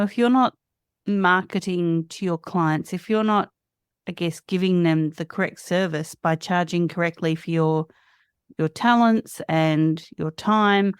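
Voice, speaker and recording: Host: woman, smooth resonant voice, dry close sound, measured questions. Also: lowish voice, no room sound. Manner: thoughtful, hesitant phrasing. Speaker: podcast host. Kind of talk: interview questions.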